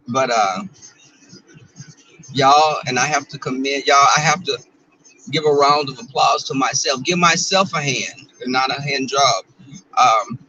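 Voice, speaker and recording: A man's voice: mid-range voice, bright, forceful tone, slightly rough, lo-fi sound. A man in his twenties with a Southern US accent, chatting sassily and joking with his live viewers while he drives. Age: 20s. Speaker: vlogger streaming live. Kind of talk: casual chat. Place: car, driving.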